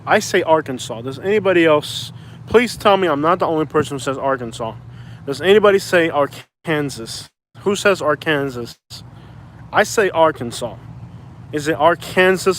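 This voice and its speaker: A man's voice: fairly high pitch, fairly bright tone, slight background noise. A man in his thirties chatting casually on a live stream outdoors by a bridge, rambling and arguing back at viewers. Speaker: vlogger doing a live stream.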